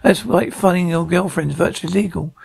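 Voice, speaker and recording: A cheeky young sitcom man who keeps firing off sarcastic quips even while flustered. His voice sits high for a man, gravelly with fry and a husky edge. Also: fairly quick, full character voice. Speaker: sitcom character. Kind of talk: sitcom acting.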